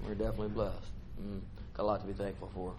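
A middle-aged man preaching a sermon in church, chatty with the congregation and breaking into bursts of excitement. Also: fairly low pitch, rapid-fire, slight background noise.

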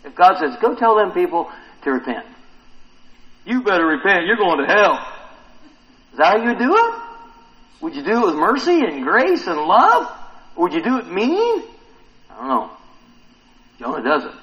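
A man's voice: high-pitched, moderate pace, pauses often, rough recording. A man preaching a sermon to a congregation, asking them questions and acting out the quotes he reads. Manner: animated, asks the congregation questions, acts out quotes.

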